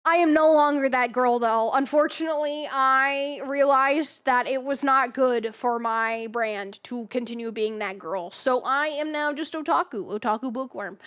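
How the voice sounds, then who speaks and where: A young woman streamer telling a story in a casual, animated way, swearing freely and acting out what people said. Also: high voice, moderate pace, hardly any pauses, clean tone.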